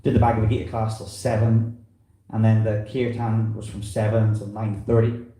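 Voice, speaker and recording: A man's voice: on the low side, level tone, moderate pace, warm tone. A man giving an informal, rambling talk to a temple congregation, full of "you know" and loose asides. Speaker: visiting preacher. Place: temple hall. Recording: echoey temple hall.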